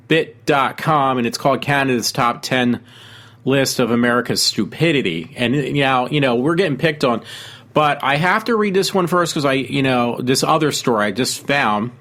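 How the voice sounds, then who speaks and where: A man hosting his own casual commentary show, talking in a halting way with many fillers and restarts. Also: mid-range voice, a bit bright. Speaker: show host.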